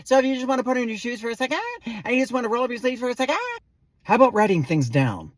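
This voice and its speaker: A woman putting on a young female fitness trainer with a Valley Girl lilt, rushing and turning every sentence into a question. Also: fairly high pitch, animated, dry recording, studio quality, voice pushed up. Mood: breezy.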